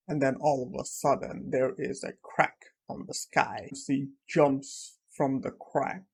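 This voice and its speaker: Slow, husky male narrator for a plain story recap. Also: medium pitch, darkish tone, low-quality recording.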